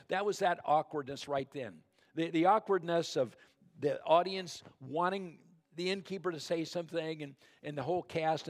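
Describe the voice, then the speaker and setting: A man preaching a sermon as pastor, talking conversationally and speaking straight to the congregation, and dropping to a soft, hushed tone when calling for prayer. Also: on the high side. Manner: conversational storytelling, addresses the congregation directly.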